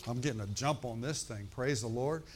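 A man preaching a sermon in a conversational way, often asking his congregation "right?" and "amen?", slowing down to stress scripture. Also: mid-range voice. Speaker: pastor.

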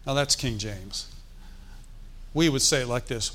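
A man's voice: medium pitch, measured pace, a bit bright, slight background noise. A man preaching a sermon in a conversational, folksy way, with joking asides and calls for the congregation to answer. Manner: asks the congregation for responses.

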